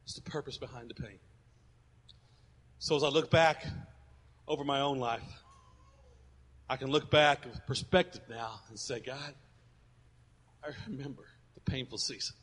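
A man preaching a sermon as a pastor, emphatic and swinging between loud and hushed, in an echoey hall. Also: mid-range voice, moderate pace, pauses often.

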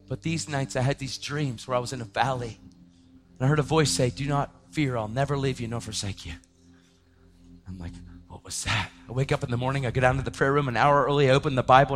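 A young adult man telling a personal testimony in a casual way, often saying "man", his voice rising to shouts at the most intense moments. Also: medium pitch. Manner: casual, says "man" and "dude" a lot. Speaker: speaker sharing his testimony.

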